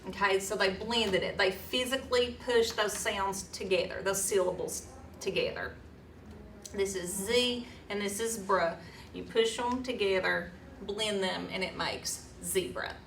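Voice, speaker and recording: A woman's voice: medium pitch, a little slow, a bit bright. A woman leading a hands-on teaching workshop, talking casually with fillers and restarts. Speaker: teacher trainer. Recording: roomy echo, distant mic, faint room noise.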